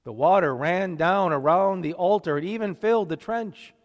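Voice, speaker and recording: A man reading scripture and preaching in a church, steady and deliberate, with measured pauses. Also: high voice, in a large hall.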